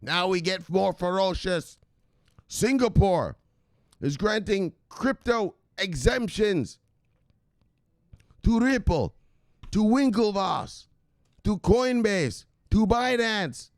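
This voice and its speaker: A man putting on a voice of an overexcited guy yelling crypto news at his woman, shouting and stretching out his words. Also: sits high, animated, no echo, clean studio sound, voice pushed up, heavily acted. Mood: hyped. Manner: shouting, repeating "look, look", drawn-out words.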